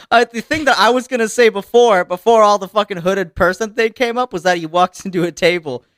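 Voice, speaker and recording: A man's voice: sits high, normal speed, fairly bright tone, no echo, studio quality. A man co-hosting a podcast, telling rambling, profane comic stories with plenty of laughs. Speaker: podcast co-host. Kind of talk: casual comedic chat.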